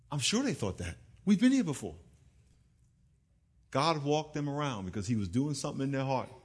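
A middle-aged male pastor preaching a sermon in an animated, humorous way, calling on the congregation to answer back. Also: mid-range voice, husky.

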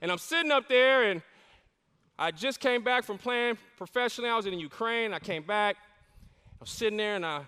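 A middle-aged male pastor preaching in a high, bright, crisply resonant voice. He delivers the sermon with emphatic fervor and calls out to the congregation. His voice rings with the long reverb of a large church hall. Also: animated, normal speed. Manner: fervent, emphatic preaching with call-and-response.

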